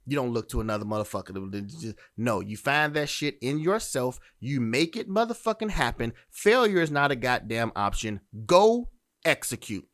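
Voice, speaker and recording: A man's voice: mid-range voice, lively intonation, fairly quick, hardly any pauses, fairly bright tone. A man hosts a dating commentary podcast in a mid-range voice. He talks bluntly and emphatically, swearing freely and often restarting his sentences as he drives a point home. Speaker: podcast host.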